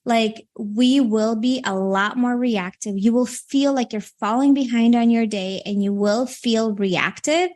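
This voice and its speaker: A woman with a Minnesota accent talks as a guest on a podcast. Her voice sits a little high, and her speech rambles, full of "like" and "you know" as she works through her thoughts. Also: measured pace, few pauses, a little mellow. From Latvia. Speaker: stress coach guest. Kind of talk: podcast interview.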